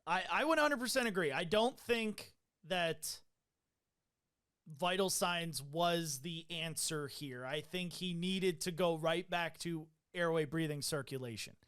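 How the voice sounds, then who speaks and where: A man's voice: a little high, a little slow, a bit bright, clean tone. A man telling a profane call story. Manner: loose, profane storytelling with many fillers. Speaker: podcast host. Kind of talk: casual chat, recounting a call.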